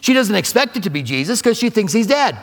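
A middle-aged man preaching from the pulpit, his somewhat high voice jumping between lively, excited retelling and soft, hushed moments. He speaks in a storyteller's manner, building scenes with energy before dropping low. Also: fast. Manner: storytelling, wide swings from loud animated to hushed. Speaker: pastor. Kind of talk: sermon.

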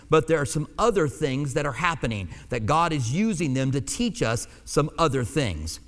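Pastor in a reverberant church hall. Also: male voice, a little high, fairly bright tone. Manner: conversational, with fillers and self-corrections. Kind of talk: sermon. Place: church sanctuary.

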